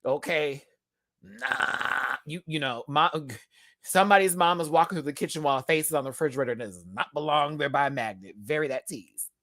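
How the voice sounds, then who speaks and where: A man giving a live episode review in a sassy, chatty way, full of drag slang and quick laughs. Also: fairly high pitch, fairly bright tone, no echo. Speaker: YouTube reviewer.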